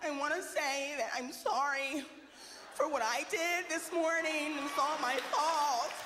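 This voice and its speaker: A woman comedian voicing a meek, apologetic wife in a slow, syrupy tone. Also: sits high, reverberant, long reverb tail, music in the background. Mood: sugary.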